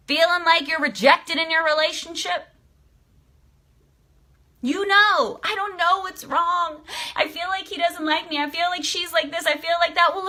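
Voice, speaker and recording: A woman coach on a live stream with a bright, forceful voice pitched a little high. She talks emotionally and excitably, swears freely and throws motivational questions at her audience. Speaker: life coach and author. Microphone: streaming live to viewers.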